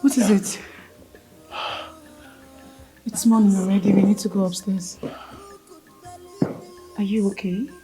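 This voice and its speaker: Brief: slow-spoken worried wife, soft and coaxing, film music under her. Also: medium pitch, steady tone. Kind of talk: film drama acting. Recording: film score behind.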